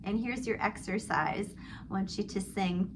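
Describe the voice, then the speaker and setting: A middle-aged woman, working as a vocal coach, gives a singing lesson and explains technique between sung vowel exercises. Her voice is mid-range and a little slow, with some background noise. She demonstrates vowel slides and sighs, then explains calmly.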